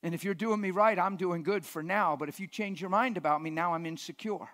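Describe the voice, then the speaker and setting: A man preaching a sermon in a church, emphatic and impassioned, sometimes shouting and sometimes dropping almost to a whisper. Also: sits high, fairly quick.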